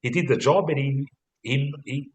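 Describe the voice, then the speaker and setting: A man's voice: medium pitch, normal speed, echoey room, poor audio. A young Australian man co-hosting a casual football chat, rambling and swearing constantly in a laid-back way. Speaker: podcast co-host.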